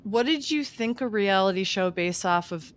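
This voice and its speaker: A woman's voice: mid-range voice, expressive, moderate pace. A woman in her thirties, co-hosting a podcast, who chats and explains at length with lots of fillers. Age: 30s. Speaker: podcast co-host. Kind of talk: casual chat.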